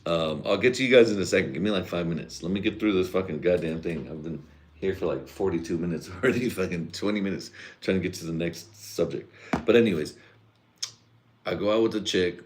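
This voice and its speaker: A man with a very low, deep voice rants loosely on a live podcast stream. He sounds a little drunk, and he rambles, swears freely and breaks into laughter as he goes. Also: brisk, a little hiss or hum. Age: adult father and husband. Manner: rambling, profane, laughs often. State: tipsy. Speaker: podcast host. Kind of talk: casual live-stream rant.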